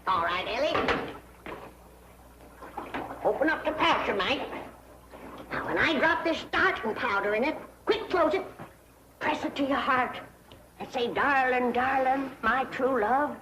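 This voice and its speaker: An actress playing a feisty old hillbilly grandmother who makes love charms, speaking in a brisk, bossy, folksy way, in a 1960s sitcom. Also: sits high, lively intonation, noisy background. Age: older. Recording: 1960s sitcom sound with studio audience laughter.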